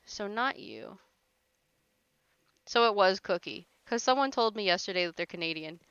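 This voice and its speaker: A woman's voice: mid-range voice, expressive, moderate pace, fairly bright tone, clean tone, dry recording, highs cut off. A woman hosting a casual livestream, chatting with viewers and teasing them playfully, laughing often. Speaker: livestream host.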